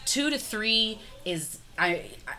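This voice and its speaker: Sarcastic mom with a bright lively voice. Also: female voice, mid-range voice, slow pace. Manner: sarcastic storyteller, laughs a lot. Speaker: podcast guest, mother. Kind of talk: casual podcast chat.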